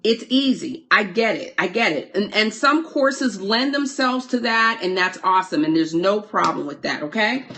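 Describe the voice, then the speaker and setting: A woman's voice: medium pitch, expressive, moderate pace, few pauses. Chatty woman coaching on a live stream. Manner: chatty, warmly thanks and greets viewers mid-sentence, repeats words. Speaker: online course coach. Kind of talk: live-streamed teaching while reading viewer comments.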